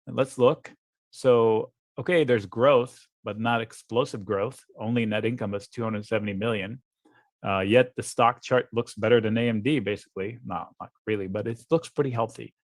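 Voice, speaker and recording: A man's voice: fairly low pitch, normal speed, no room sound. A man giving blunt, offhand commentary as a guest trader on a live trading webinar, thinking aloud over charts.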